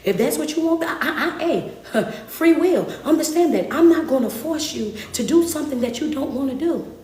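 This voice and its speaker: High-voiced woman preaching emphatically. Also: animated, moderate pace. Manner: emphatic, repetitive, rising to shouts. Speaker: motivational speaker. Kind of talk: motivational preaching. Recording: roomy, distant mic, faint ambience.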